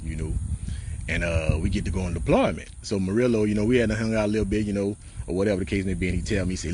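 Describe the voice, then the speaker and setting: A man's voice: lowish voice, very fast, a little mellow, a little hiss or hum. A military veteran telling casual stories in slang, laughing often and acting out the lines of the people he quotes. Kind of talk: casual storytelling.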